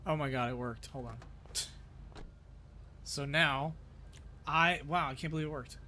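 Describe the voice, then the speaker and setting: A man's voice: a little high, measured pace, sharp tone, slight background noise. A man streaming a role-play game, talking to himself, swearing often and swinging between frustration and disbelief. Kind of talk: live game-stream commentary.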